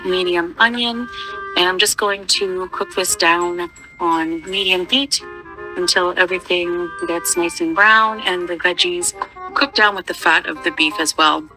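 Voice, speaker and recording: A woman's voice: fairly low pitch, steady tone, a little slow, bright, forceful tone, soft background music, rough recording. A woman narrating her own cooking video, chatty and walking through each step. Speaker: cooking vlogger.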